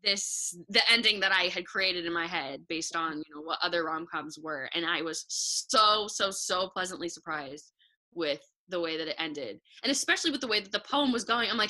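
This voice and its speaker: A young adult woman, a guest on a podcast, chatting casually about a movie in an animated way, laughing often. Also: fairly low pitch, normal speed.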